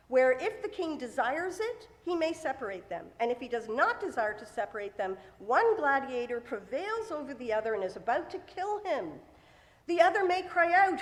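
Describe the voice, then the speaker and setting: A woman rabbi giving a sermon, telling the story with animated expression and acting out the voices she quotes. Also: fairly high pitch, long reverb tail. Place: synagogue sanctuary.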